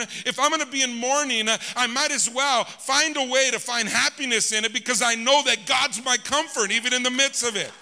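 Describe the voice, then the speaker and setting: A male pastor preaching a sermon who calls out to the congregation for amens and swings between loud, shouted lines and low, hushed ones. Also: gravelly, in a large hall.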